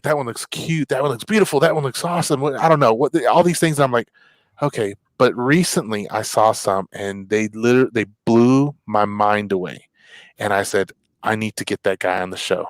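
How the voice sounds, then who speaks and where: Excitable, rambling male talk show host. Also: medium pitch, no room sound, rough recording. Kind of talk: casual live show chat.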